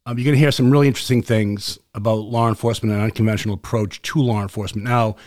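A man with a Boston accent hosting a casual podcast, talking fast and passionately, with many fillers and restarts. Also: on the low side, steady tone, darkish tone, no echo, studio quality. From Boston area. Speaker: host.

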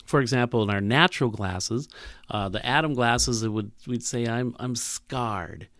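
A man's voice: medium pitch, normal speed, fairly bright tone, dry recording, studio quality. A man preaching a sermon in a reflective way, asking rhetorical questions and restarting his sentences often.

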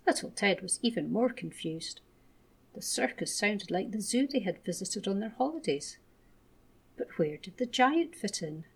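Husky-voiced woman reading a children's story. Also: medium pitch, big pitch swings, normal speed.

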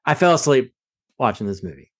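A man's voice: mid-range voice, big pitch swings, fairly quick. Joking, rambling man co-hosting a podcast. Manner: joking, rambling, self-deprecating. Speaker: podcast co-host. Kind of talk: casual movie review chat.

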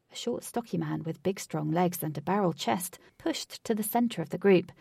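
A woman narrating a story aloud in a steady, even reading voice. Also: fairly low pitch, normal speed, gravelly, few pauses, slightly rough, no room sound, clean studio sound, distant mic. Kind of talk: audiobook narration.

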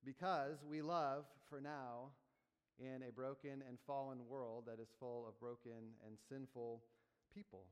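A man's voice: mid-range voice, fairly even intonation, measured pace, clean tone. A man preaching a sermon, moving between explaining and building emphatic repeated phrases. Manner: emphatic rhythmic preaching with teaching asides. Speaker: pastor. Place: church sanctuary. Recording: long reverb of a church hall.

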